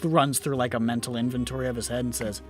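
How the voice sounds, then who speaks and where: A man's voice: medium pitch, fast, music in the background. A man narrating as game master in a casual tabletop session with friends. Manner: lively, voices city guards with shouting.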